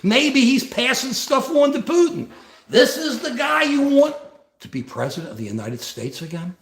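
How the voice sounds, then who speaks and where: A man's voice: extremely high pitch, very animated, normal speed, gravelly. A man hosting a political commentary livestream, talking with passion, asking rhetorical questions and often repeating his words. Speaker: livestream host. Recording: echoey room.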